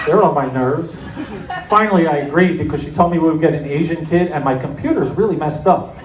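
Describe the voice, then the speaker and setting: A middle-aged man from New Jersey doing a stand-up comedy set with deadpan, self-mocking storytelling. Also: fairly high pitch, fairly quick, distant mic. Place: comedy club stage. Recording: echoey club with audience noise. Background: audience laughter.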